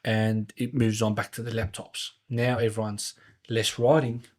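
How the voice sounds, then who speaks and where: A man hosting a podcast interview, talking in a relaxed, conversational way. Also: fairly low pitch, a little slow. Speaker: podcast host.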